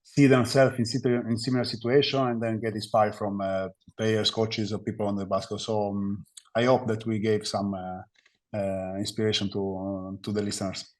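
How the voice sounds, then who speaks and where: A man from Italy with an Italian accent, a basketball player giving reflective interview answers in English, pausing often to search for words. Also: lowish voice, flat delivery, a little mellow. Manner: halting, searching for words with many fillers.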